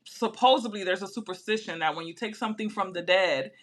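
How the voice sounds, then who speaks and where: A woman telling a personal story in casual chat, animated and full of fillers. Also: medium pitch, a little fast. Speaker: podcast host.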